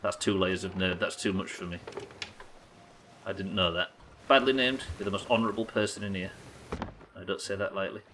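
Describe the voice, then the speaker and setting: A man's voice: low-pitched, fairly even intonation, a little fast, long pauses, a bit bright, slight background noise, low-quality recording. A young man streaming a game live, teasing his chat with sarcastic, sweary banter. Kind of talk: live gameplay commentary and chat reading.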